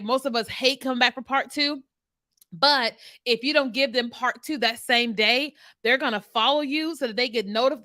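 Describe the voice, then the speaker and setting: A woman's voice: a little high, bright, forceful tone. A woman marketing strategist talking casually and animatedly to her viewers, with laughs and asides. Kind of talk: casual direct-to-camera talk.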